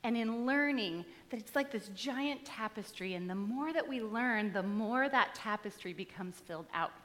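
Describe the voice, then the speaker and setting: A woman's voice: a little high, animated, moderate pace, fairly bright tone. A woman pastor giving a sermon, telling stories from her life in an easy, conversational way with touches of humor. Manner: conversational storytelling with light humor. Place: church sanctuary. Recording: long reverb in a large hall.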